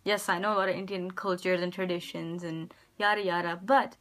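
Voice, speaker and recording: A woman with an American accent, telling personal stories to camera in a casual vlog, rambling and hesitant with many pauses and restarts. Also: lowish voice, fairly even intonation, a bit bright. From United States. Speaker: vlogger.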